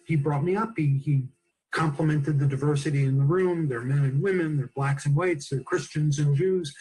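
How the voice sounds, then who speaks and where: A man's voice: on the high side, a little mellow, husky, low-quality recording. A man hosting a comedy talk show, telling comic anecdotes with dry, self-deprecating humor. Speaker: host and comedian. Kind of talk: casual chat, comic anecdotes.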